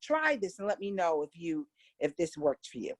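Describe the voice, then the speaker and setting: A middle-aged woman with an American accent teaching a casual voice lesson, animated and coaxing, chatting straight to her students. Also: fairly low pitch, normal speed. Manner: animated, coaxing, demonstrates exercises aloud. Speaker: vocal coach.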